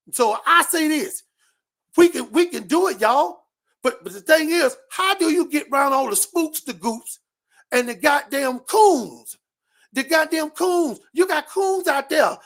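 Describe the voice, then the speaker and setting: A man hosting a show, giving a loud, profane comedic rant full of repeated catchphrases. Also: very high voice. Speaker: show host.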